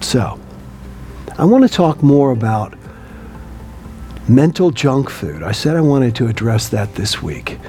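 A man, lecturing a class and quizzing the room with lively, emphatic delivery. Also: mid-range voice, slow, pauses often, soft background music. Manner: lively, asks the room questions. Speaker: teacher.

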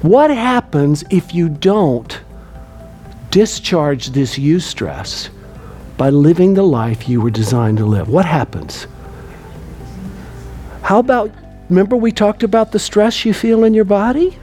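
A man, lecturing a class and quizzing the room with lively, emphatic delivery. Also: high-pitched, measured pace, pauses often, soft background music. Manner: lively, asks the room questions. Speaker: teacher.

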